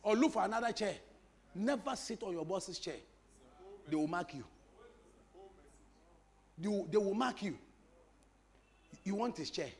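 A man preaching from the pulpit in a very high voice that leaps up and down with lively energy. He repeats phrases for emphasis and jokes with his congregation as he goes. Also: a little slow, vocal fry, long pauses. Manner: animated preaching with repetition and crowd-teasing humor. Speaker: pastor. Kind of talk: sermon.

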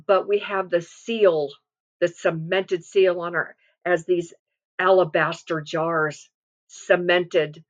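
A middle-aged woman delivers a homespun devotional sermon in a lowish voice. She retells scripture conversationally, stopping to correct herself and add asides. The recording is dull and lo-fi. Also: fairly even intonation, slow. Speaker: devotional speaker.

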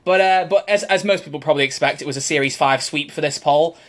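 A man's voice: on the high side, fast talker, over a noisy crowd. A man co-hosting a podcast in casual chat, talking in a rambling way and often laughing. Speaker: podcast co-host.

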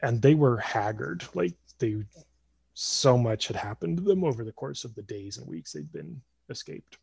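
A man in his twenties telling a family story casually on a podcast, animated and acting out voices. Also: mid-range voice, moderate pace, vocal fry, breathy edge, dry recording. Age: 20s.

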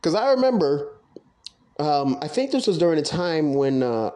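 A young man telling stories from his own past in a casual, profane, excitable monologue. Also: on the high side, normal speed. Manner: profane, excitable, quotes others in animated voices. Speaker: podcast host recounting his online wrestling league career.

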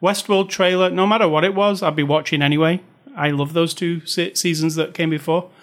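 A man's voice: fairly high pitch, fairly even intonation, brisk, a bit bright. A man hosting a movie review podcast, chatting casually and joking with his co-host. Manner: chatty, joking, reads aloud with dramatic stress. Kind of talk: casual chat.

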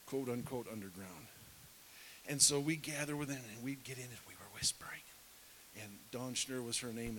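A man's voice: mid-range voice, fairly bright tone, poor audio. A middle-aged man preaching, telling a story with animation and dropping to a whisper to act out scenes. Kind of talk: sermon storytelling. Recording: faint hiss.

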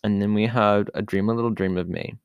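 A man's voice: on the low side, fairly even intonation, brisk, clear, resonant tone, no echo, highs cut off. A man hosting a podcast on his own, talking in a casual, rambling way with lots of fillers and asides. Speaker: podcast host. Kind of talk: casual solo podcast talk.

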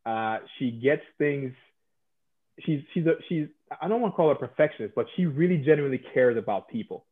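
A man from Jamaica with faint Jamaican traces in his accent tells stories in an animated way, often dropping into soft asides. His voice sits in the middle register. It comes through a narrow, phone-like band. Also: medium pitch, fairly quick. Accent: American with faint Jamaican traces. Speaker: salon educator guest. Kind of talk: conversational podcast advice.

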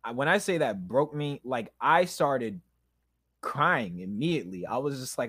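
A man hosting a podcast, telling a personal story in a candid, animated way, with loud emphasis and quiet asides. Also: mid-range voice, moderate pace, no room sound, clean studio sound. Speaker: podcast host.

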